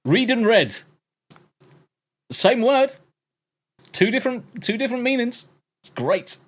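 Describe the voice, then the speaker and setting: A man's voice: extremely high pitch, expressive, slow pace. A man with an English accent hosting a podcast, chatting casually with viewers in jokey, profane banter. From England. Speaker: podcast host. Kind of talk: casual chat with live viewers.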